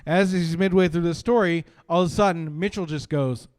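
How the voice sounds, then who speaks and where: A young man from Canada doing profane, animated stand-up storytelling on a live stream, jumping into shouted punchlines. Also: on the high side, a little fast, no room sound. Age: young adult. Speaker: stand-up comedian.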